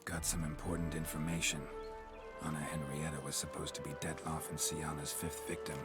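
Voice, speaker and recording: An actor playing a laconic middle-aged witcher in a video game, speaking in a very deep, gravelly, flat voice. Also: a little fast, over loud music. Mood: dry.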